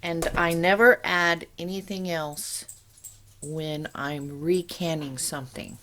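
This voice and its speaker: A woman's voice: low-pitched, steady tone, takes it slowly, a bit bright, slight background noise. A woman chatting casually in her home kitchen as she shows a canning task, rambling into asides as she works.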